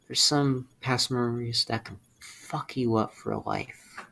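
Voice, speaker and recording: A young man speaking in a halting, emotional personal confession, close to tears and swearing in frustration. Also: medium pitch, gravelly, fairly bright tone. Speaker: streamer.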